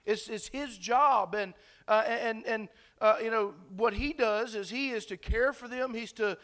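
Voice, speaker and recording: A man's voice: high voice, measured pace, fairly bright tone. A pastor preaching a sermon to his congregation in a loose, conversational way, with many fillers and restarts, and putting questions to the listeners.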